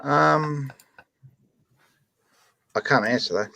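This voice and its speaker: A man, a guest on a casual chat, speaking in a brisk, matey way. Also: medium pitch, gravelly, pushed and bright, no room sound. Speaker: guest, group moderator.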